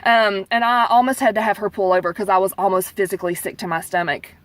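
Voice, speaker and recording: A woman, telling a story in lively chat and leaping up in pitch for quoted lines. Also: fast. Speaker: vlog co-host, theater director.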